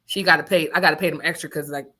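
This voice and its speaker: A woman co-hosting a radio show, telling a story in casual chat, animated and swearing, laughing often and acting out what people said. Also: low voice, rapid-fire. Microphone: studio microphone.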